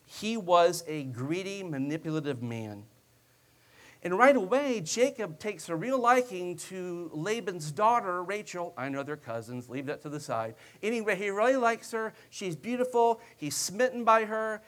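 A man's voice: high voice, animated, a little slow, a bit bright. A male preacher delivering a sermon in a conversational storytelling style, with joking asides to his listeners.

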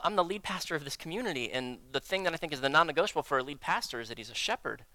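A man preaching as lead pastor of a church, candid and self-deprecating, with animated storytelling. His voice is bright and smooth, and it sits close and dry on a stage microphone. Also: mid-range voice, no echo. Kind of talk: sermon. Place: church sanctuary.

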